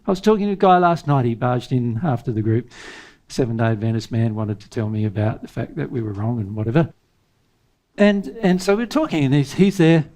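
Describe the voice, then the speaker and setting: A man's voice: medium pitch, darkish tone. A man giving a spiritual seminar talk in an emphatic way, firing off rhetorical questions and chuckling to himself. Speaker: spiritual teacher.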